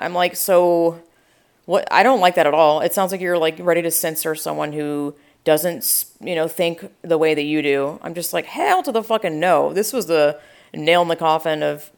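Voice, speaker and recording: Gravelly-voiced woman, rambling and sarcastic. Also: deep voice. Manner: rambling, sarcastic, swears freely, many fillers. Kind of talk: casual storytime chat.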